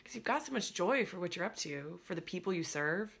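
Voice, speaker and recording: A woman's voice: fairly low pitch, brisk, hardly any pauses. A woman coaching creative business owners in a chatty, upbeat way, laughing easily and now and then dropping to a near whisper. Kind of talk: casual direct-to-camera coaching talk.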